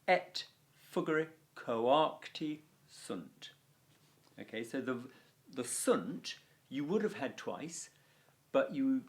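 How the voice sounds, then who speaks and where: A man teaching a Latin video lesson, explaining grammar clearly and stressing key words with deliberate pauses. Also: mid-range voice.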